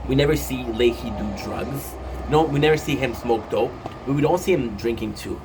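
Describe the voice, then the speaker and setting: A man's voice: mid-range voice, normal speed. Rambling, swearing man with faint noise. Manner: rambling with many fillers and restarts, swears casually. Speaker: show recapper. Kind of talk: casual rambling recap.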